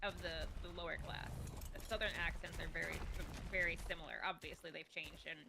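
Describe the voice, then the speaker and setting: A woman's voice: fairly low pitch, steady tone, fairly quick, vocal fry, noisy background. A woman with a Midwestern American accent, chatting animatedly with a self-deprecating edge on a gaming stream. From United States. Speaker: co-player. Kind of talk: casual gaming stream chat.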